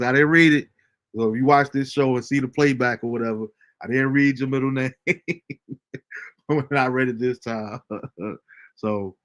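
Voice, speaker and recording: A man hosting a casual livestream show, reading out viewer comments with a relaxed, chuckling manner. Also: mid-range voice. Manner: laid-back, chuckling often, fillers like um. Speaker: host.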